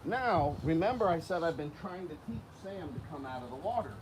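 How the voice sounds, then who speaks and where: Animated man calling to gators outdoors. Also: a little high, brisk. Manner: animated, calls animals in a coaxing voice. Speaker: alligator keeper and channel host. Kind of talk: casual vlog talk while feeding animals. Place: outdoors at alligator pens, windy. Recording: noisy outdoor recording.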